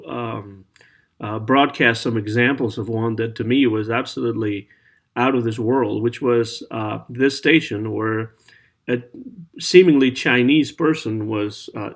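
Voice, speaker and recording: A man from the United States hosts a casual interview at an ordinary mid pitch. He speaks hesitantly, often restarting and repeating words as he forms questions. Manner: hesitant, many restarts and fillers. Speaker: interview host.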